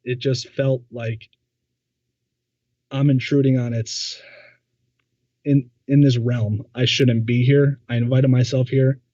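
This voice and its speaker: A man recounting a personal story in a relaxed, meandering way, stumbling over and repeating his words. His voice is mellow and soft-edged, with a dry, close sound. The recording is somewhat dull and lo-fi. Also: medium pitch, no room sound. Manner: halting, stammers and repeats words, many fillers. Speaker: podcast guest.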